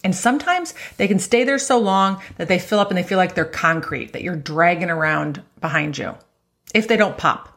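A woman's voice: lowish voice, lively intonation, moderate pace, a bit bright. A woman coaching golfers on their emotions in a chatty, conversational way, often tagging her points with "right?" and laughing easily. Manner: acts out inner voices in quotes. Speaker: golf mental coach. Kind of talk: conversational motivational talk.

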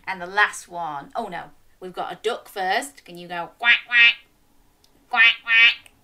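A woman's voice: fairly low pitch, normal speed, pushed and bright. A woman hosting a storytime for young children, reading a picture book aloud and coaxing listeners to join in with animal sounds.

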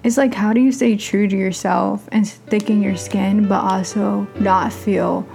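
A young adult woman hosts her own podcast in a candid, conversational way, telling a personal story. Her voice sits in an ordinary middle pitch, and she lively acts out what other people said. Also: a little slow, creaky, soft background music. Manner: candid, animated storyteller acting out quoted voices. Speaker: podcast host.

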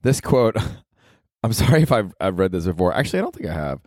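A male comedian hosting his podcast, rambling casually and profanely, his pitch leaping up for emphasis. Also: very animated, brisk, a little mellow, dry recording, clean studio sound.

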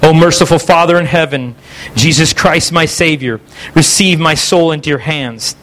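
A man preaching a sermon, voicing the prayerful last words of a steadfast male preacher who faces his death calmly and earnestly. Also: on the high side, moderate pace, close to an everyday voice.

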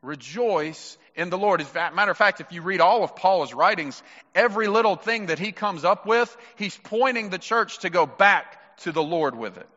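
A man preaching in a church with a bright, forceful voice set a little high. He presses each point home and repeats key words to drive them in. The recording is dull and lo-fi, with a long hall reverb trailing every phrase. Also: expressive, normal speed. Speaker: pastor. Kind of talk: sermon.

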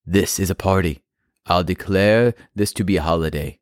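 A man plays an easygoing king eager to throw a big party. His voice is very low and dry, in a playful kids' storybook style. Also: moderate pace, dry recording, close to an everyday voice. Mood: excited. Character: carefree partying male king.

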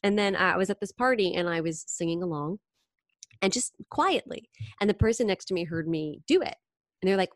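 Lower-voiced woman chatting away in an interview, animated storyteller, dry close sound. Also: fairly quick, dry recording. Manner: animated, chatty storyteller who briefly slips into singing impressions. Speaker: guest, singer and impressionist. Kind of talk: interview conversation.

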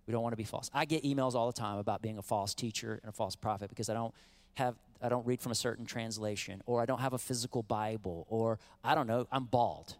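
A middle-aged man preaching a sermon as pastor, animated and conversational, acting out quotes and calling on the congregation. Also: medium pitch, quick pace.

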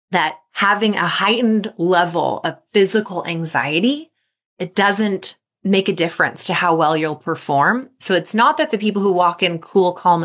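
A middle-aged woman, a mental performance coach, hosting a solo podcast and telling stories while acting out athletes' worried thoughts. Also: lowish voice. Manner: lively storytelling, acting out athletes' inner voices.

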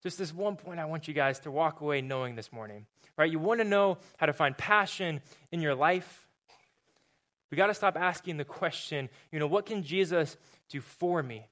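A man preaching a sermon in a relaxed, conversational way, often repeating words, then leading a prayer. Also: fairly high pitch, moderate pace. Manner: casual, repeats words, filler-heavy preaching. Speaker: pastor.

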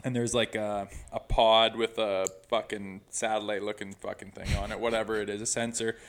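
A man's voice: lowish voice, level tone, normal speed. A middle-aged man, a former pro hockey player, guesting on a podcast and telling loose, profane, rambling stories in casual chat.

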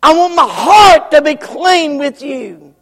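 Shouting preacher in an echoing church. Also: male voice, very high-pitched, expressive, slow. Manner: shouting, swinging from loud to hushed. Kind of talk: revival sermon. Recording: church hall reverb.

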